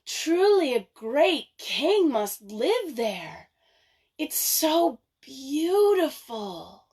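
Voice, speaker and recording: A woman voicing a kind, gentle young woman in a storytelling, speaking politely and with wonder. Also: sits high, big pitch swings, extremely slow, heavily acted. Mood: delighted.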